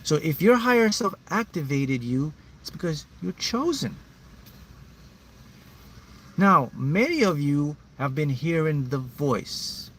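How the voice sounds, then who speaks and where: Man, motivational talk, emphatic and repetitive, higher voice, faint hiss behind. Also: animated, slow pace, fairly bright tone. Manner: emphatic, repetitive, addresses viewers directly; reads out viewers' names. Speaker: manifesting mentor. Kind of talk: motivational live talk to viewers.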